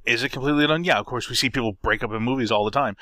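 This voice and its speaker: A man's voice: medium pitch, rapid-fire, bright, forceful tone, dry recording. A man co-hosting a casual podcast, rambling and swearing offhandedly as he jokes. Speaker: podcast co-host.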